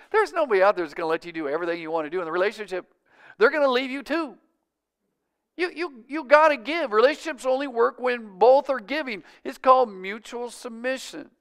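A male pastor preaching a sermon, calling out for amens and swinging from loud, urgent bursts to hushed, quiet lines. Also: sits high, clean tone. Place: church sanctuary.

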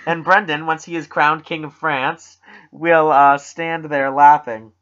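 Canadian guy cohosting a podcast, bright tense voice, swears a lot, rambles, kinda dull lo-fi mic. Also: a little high, little pitch movement, unhurried. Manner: profane, rambling, jokey. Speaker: podcast co-host. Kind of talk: casual podcast chat.

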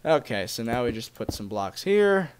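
A young man plays a video game for a Let's Play, chatting casually and excitably with his viewers. His mid-range voice is clear and resonant, moving at normal speed.

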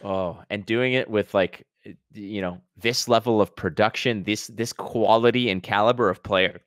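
A man from Quebec in his thirties doing playful, excitable play-by-play of a card game. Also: fairly low pitch, moderate pace, no echo, clean studio sound. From Quebec, Canada. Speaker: commentator.

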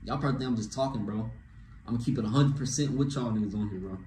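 A young man ranting to camera with dating advice, animated and slangy, tossing in "bro" after nearly every phrase. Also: medium pitch, very fast, slight background noise. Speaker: vlogger giving dating advice. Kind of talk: casual rant to camera. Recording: echoey room with faint ambience.

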